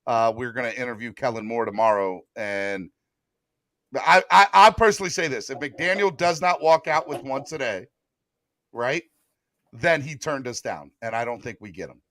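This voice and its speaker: Animated male podcast host, bright, close and dry, quick to repeat himself. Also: mid-range voice, no room sound. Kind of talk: sports podcast banter.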